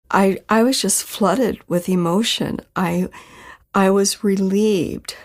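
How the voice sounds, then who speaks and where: A woman telling a personal story for a podcast in a slow, measured way, pausing often. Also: mid-range voice, fairly even intonation. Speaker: storyteller recounting her own experience.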